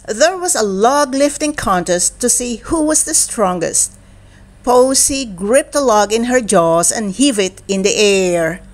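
A woman reading a children's picture book aloud in an expressive storytelling manner. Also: a little high. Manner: slow, expressive and animated reading. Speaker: storybook reader.

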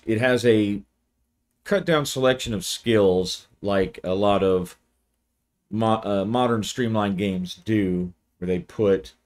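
A man, hosting his channel and giving a relaxed, rambling video review. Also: sits low. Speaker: channel host, game reviewer.

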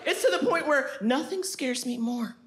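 Sassy high-pitched woman doing stand-up. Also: normal speed, slight background noise. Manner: animated, sassy, calls listeners honey. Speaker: stand-up comedian. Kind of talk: stand-up comedy. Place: stage before a live audience. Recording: loud live audience laughter.

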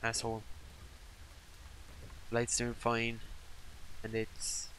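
A man's voice: mid-range voice, monotone, drawn-out words, fairly bright tone, slight background noise, low-quality recording. A young man commentating a horror game he is playing, panicky and jumpy, swearing and muttering to himself. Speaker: gaming channel host.

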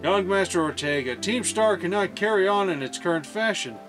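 A stiff, formal old school director, voiced by a man reading aloud. The speech comes in a slightly raised pitch and keeps a composed, official manner, with game music playing softly underneath. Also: lively intonation, normal speed. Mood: earnest. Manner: reading dialogue aloud, stumbling over words.

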